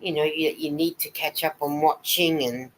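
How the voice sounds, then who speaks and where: Woman with a deep-set voice for a casual live stream; chatty, rambling, greets viewers by name while she knits. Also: fairly even intonation, moderate pace, a little hiss or hum, rough recording. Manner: chatty and rambling, greeting viewers and reading their comments aloud. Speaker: knitting vlogger hosting a live stream.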